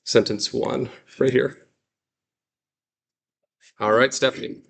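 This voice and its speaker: A man's voice: mid-range voice, fairly even intonation, creaky, fairly bright tone, breathy edge. Man, classroom teacher, plain mid voice, explains and drills pronunciation. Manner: explanatory, repeats and models pronunciations slowly. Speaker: Greek teacher.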